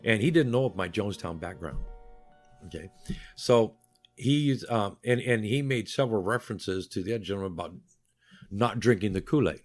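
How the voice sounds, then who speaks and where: Older male interview guest, lower voice, dry humor, lively storyteller who acts out the people he quotes. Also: normal speed, soft background music. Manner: wry humor.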